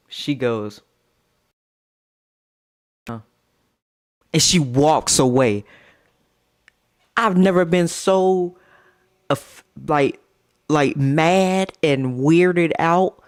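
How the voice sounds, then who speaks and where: A young man casually telling a story, animated and profane, jumping into squeaky high outbursts. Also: extremely slow, long pauses, clear, resonant tone.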